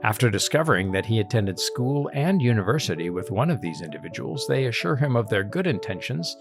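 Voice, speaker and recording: A man hosting a casual podcast chat, relaxed and chuckling often. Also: on the low side, brisk, over music. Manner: relaxed, chuckling, reads tasting notes. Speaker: podcast host.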